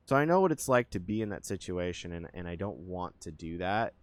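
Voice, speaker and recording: Guy streaming a game, lowish voice, rambly and unsure, lots of ums, dry close mic. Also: brisk, hardly any pauses, no room sound. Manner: rambling, hesitant, thinking aloud with many fillers. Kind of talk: casual live-stream chat with viewers.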